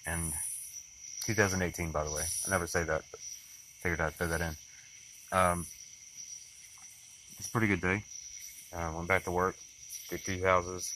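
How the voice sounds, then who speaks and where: A man's voice: deep voice, background noise. A young man, rambling and reflective in a casual daily video diary about being a father. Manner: rambling, reflective, with many fillers and restarts. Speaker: vlogger, father.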